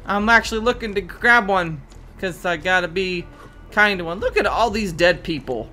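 A woman casually commenting as she plays a video game, chatty and excitable, shrieking at sudden scares and coaxing a pet in baby talk. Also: lowish voice, unhurried. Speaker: gaming video host. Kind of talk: casual let's-play commentary.

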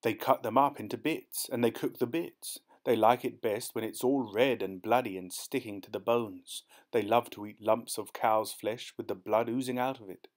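A man's voice: mid-range voice, fairly even intonation, normal speed, few pauses, lightly acted. A man voicing a doting elderly aunt of nearly eighty, fond and coaxing in tone in a storybook reading. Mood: disdainful.

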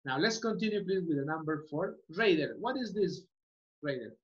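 A woman's voice: sits low, animated, normal speed. A woman English teacher giving a class, repeating words and often asking "okay?" to check understanding. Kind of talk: online class instruction. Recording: muffled lo-fi audio.

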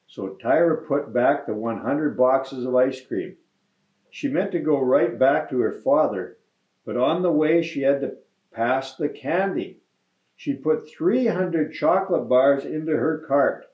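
A man reading a children's picture book aloud to students in a deliberate storytelling manner. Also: mid-range voice. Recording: roomy, slightly dull recording.

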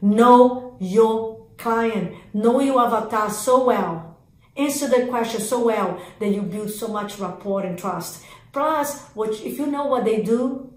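A woman's voice: on the high side, darkish tone. Emphatic woman coaching salespeople, echoey room. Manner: emphatic, repetitive lists of commands. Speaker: real estate sales coach. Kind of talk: energetic sales training talk.

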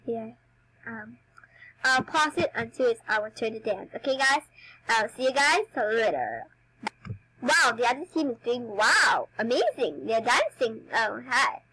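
Chatty high husky young girl gamer. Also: fairly bright tone, poor audio. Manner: chatty, giggly, self-mocking. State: slightly sick, coughing. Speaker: gaming YouTuber. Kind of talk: casual game commentary.

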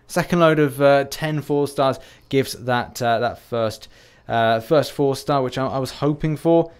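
A man's voice: medium pitch, unhurried, clear, resonant tone. A British man talking casually over game footage as a YouTuber, rambling and jokey, making fun of himself. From United Kingdom. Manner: rambling, self-deprecating, jokey. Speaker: gaming YouTuber.

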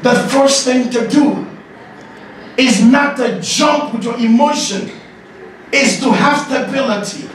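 A man giving an animated, joking masterclass as a leadership coach, often laughing and shouting. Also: very high voice, slow. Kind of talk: lively masterclass talk to an audience. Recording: echoey hall, distant mic, noisy.

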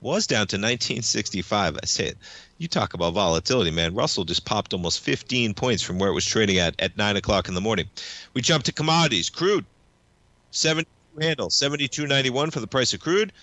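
A young man hosting a live market radio show, talking fast and casually, dropping "man" into his sentences. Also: on the low side, no room sound. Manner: energetic, casual, says "man" a lot.

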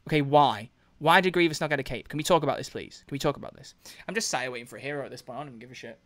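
A young man streaming a video game live, excitable and swearing a lot as he comments. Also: mid-range voice, racing. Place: home gaming setup at a desk.

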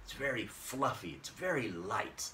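A man teaching an online English lesson, saying words slowly and repeating them with frequent tag questions. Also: medium pitch, big pitch swings, sharp tone, a little hiss or hum.

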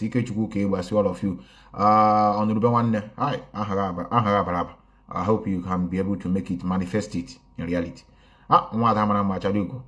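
A man's voice: on the low side, a bit bright. A man commenting casually on a livestream, mixing languages and greeting viewers one by one. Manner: code-switching, greets viewers by name. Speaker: online activist commentator. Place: indoors, recorded in a home in a city.

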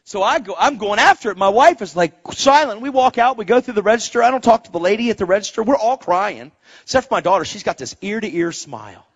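A middle-aged man preaching a sermon as a story, animated, dropping to a hush and rising to shouts. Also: sits high, quick pace, highs cut off. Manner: animated, swings from hushed to shouting.

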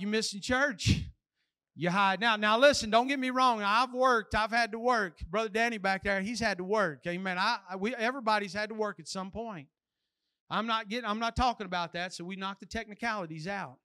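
An older man preaching in a church with a strikingly high, bright and sharp voice. He speaks in a folksy, emphatic way. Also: a little fast. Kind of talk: sermon.

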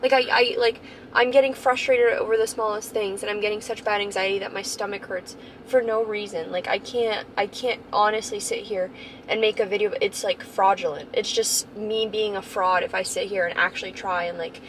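A woman's voice: mid-range voice, flat delivery, brisk, a little hiss or hum. Rambling anxious young woman vlogger. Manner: rambling, filler-heavy, anxious self-talk. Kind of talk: candid personal vlog.

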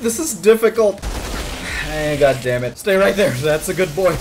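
A man doing excitable gameplay commentary as host of a gaming video. He swears, yelps and shouts at the enemies he fights. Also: fairly high pitch, normal speed, background noise.

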